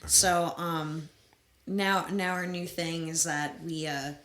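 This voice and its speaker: Chatty New Jersey woman, low voice. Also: fairly even intonation, takes it slowly, a bit bright, slight background noise, poor audio. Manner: chatty storyteller, laughs often. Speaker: guest musician. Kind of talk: casual chat. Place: podcast studio.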